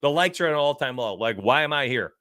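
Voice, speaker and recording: A man's voice: medium pitch, animated, quick pace, sharp tone, dry recording, clean studio sound. A man hosting a sports betting livestream, rambling brashly and reading chat messages aloud. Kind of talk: casual livestream talk.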